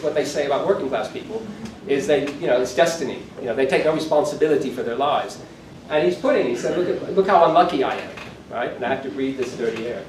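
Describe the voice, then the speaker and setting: A man's voice: mid-range voice, noisy background. A man in his sixties giving a conference keynote lecture, talking conversationally with self-deprecating asides. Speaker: keynote speaker. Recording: echoey hall from far off, faint room ambience.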